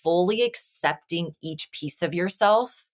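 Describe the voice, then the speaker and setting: Over a video call, a Las Vegas woman who works as an energy healer talks as a podcast guest at a measured pace in a lowish voice. She is reflective and earnest in the casual conversation, acting out quoted dialogue.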